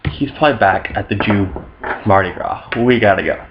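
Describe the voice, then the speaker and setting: A man's voice: on the low side, normal speed, lo-fi sound, background noise, lightly acted. A man voicing Joseph as an impatient, slangy dad.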